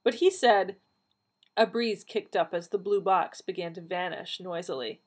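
A woman reading a story aloud, lightly acting out the dialogue. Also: moderate pace. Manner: lively, acts out dialogue with raised pitch. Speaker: reader of fan fiction. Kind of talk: storybook narration with character voices.

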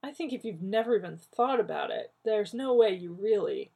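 A woman voicing a weary, guarded man who speaks quietly and slowly, in a husky, gravelly voice. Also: medium pitch, expressive, distant mic. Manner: quiet and slow.

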